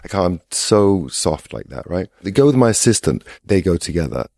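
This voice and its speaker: A man's voice: low voice, very animated, normal speed, creaky, warm tone, no echo, studio quality. A middle-aged man who is a guest on a podcast, telling a rambling, casual story full of restarts. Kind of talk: casual chat.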